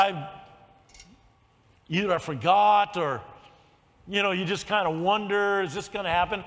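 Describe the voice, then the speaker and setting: Very high-voiced older male preacher. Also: normal speed, pauses often. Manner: storytelling, swings from soft to shouted emphasis. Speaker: pastor. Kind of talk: sermon. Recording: long hall reverb.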